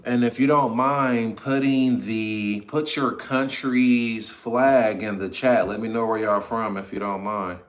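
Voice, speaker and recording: A man's voice: mid-range voice, steady tone, slow pace, few pauses, reverberant. A man hosting a casual livestream from his home kitchen, chatting easily with viewers while he cooks. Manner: laid-back, chatty, talks to viewers in chat. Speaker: livestream host.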